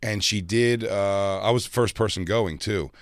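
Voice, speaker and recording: A man's voice: lowish voice, normal speed, no room sound, clean studio sound. A male comedian hosting a casual talk show, telling stories animatedly and acting out the people in them. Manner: animated, acts out voices in his stories. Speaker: comedian podcast host. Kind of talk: casual storytelling chat.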